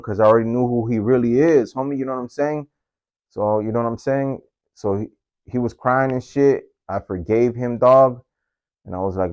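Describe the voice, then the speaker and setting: A man's voice: medium pitch, a little mellow, lo-fi sound. A man, casually telling a personal story in street slang, tagging his phrases with homie, dog and fool.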